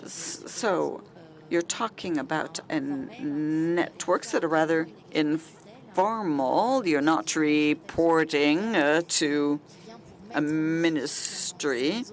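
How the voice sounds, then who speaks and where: Halting panel moderator. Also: medium pitch.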